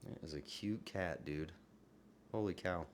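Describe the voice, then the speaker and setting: A man streaming live from his home setup, rambling casually with sudden loud outbursts and soft asides. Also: deep voice, measured pace, slight background noise.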